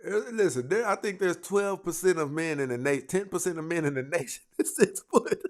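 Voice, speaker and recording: A man's voice: a little high, animated, a little fast. A man hosting a heated live-stream debate, mocking the guests and laughing often. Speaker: host.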